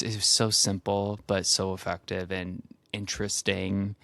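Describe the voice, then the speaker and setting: A man's voice: fairly low pitch, creaky, a bit bright, no echo. A man co-hosting a film podcast, talking casually and enthusiastically about a movie. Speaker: podcast co-host.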